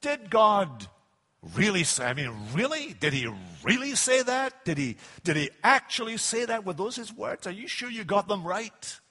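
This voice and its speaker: A sly, sneering serpent tempter, put on by a male preacher, dripping with sarcasm. The voice sits fairly high for a man and rings with a long hall reverb. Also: big pitch swings, moderate pace, sharp tone, breathy edge, heavily acted. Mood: mocking. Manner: sarcastic, mocking. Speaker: preacher voicing the devil.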